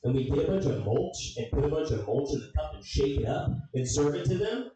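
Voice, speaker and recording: Animated young man doing stand-up. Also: fairly high pitch, fairly quick. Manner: animated storytelling, swearing, loud funny voices. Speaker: stand-up comedian. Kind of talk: stand-up comedy set. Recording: echoey room, distant mic.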